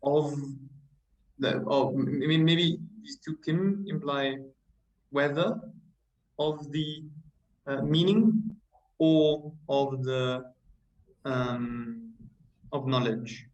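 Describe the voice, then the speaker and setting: A man translating a text aloud as a student in a seminar, halting and tentative, with many fillers. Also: medium pitch, steady tone, a little mellow, recorded from a distance, highs cut off.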